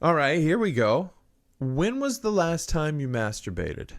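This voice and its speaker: A man's voice: a little high, a little slow. A man hosting a comedy show, ranting sarcastically and crudely, then answering listener questions. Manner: sarcastic and crude, swinging between mock-cynical and excited. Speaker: podcast host. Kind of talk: comedic political rant and listener Q&A.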